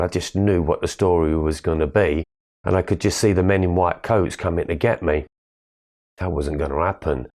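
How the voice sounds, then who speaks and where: A man with a deep, dark-toned voice gives a candid, earnest spiritual talk about his own life, cursing casually as he goes. He is a spiritual speaker delivering a reflective personal monologue.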